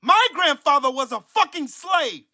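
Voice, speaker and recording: High-pitched, forceful ranting man. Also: sing-song, measured pace. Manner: profane, confrontational, shouts at times. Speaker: channel host. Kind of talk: angry livestream rant.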